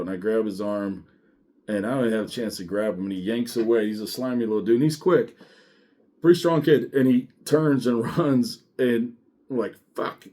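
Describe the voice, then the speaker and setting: A man's voice: mid-range voice, darkish tone. A man who once served as a deputy, casually telling a profane story about his police work, laughing as he goes. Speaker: former sheriff's deputy.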